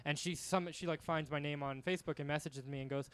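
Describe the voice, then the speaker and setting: Fast-talking man spinning a story. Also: on the high side, fairly even intonation, fairly bright tone, clear, resonant tone, no room sound. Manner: rambling anecdote-telling with many restarts. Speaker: guest comedian. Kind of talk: casual podcast storytelling.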